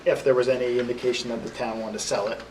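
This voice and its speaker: A man's voice: medium pitch, level tone, fast, darkish tone. A man updating a town board on road and drainage projects in an informal way, with many fillers. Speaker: public works official. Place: meeting room. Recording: distant mic, noisy room.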